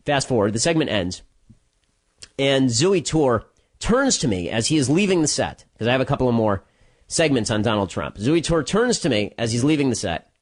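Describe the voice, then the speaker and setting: Sarcastic man with a lively voice. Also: medium pitch. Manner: sarcastic, mocking asides; quick storytelling with repeated restarts. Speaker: political commentator. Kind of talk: solo commentary monologue.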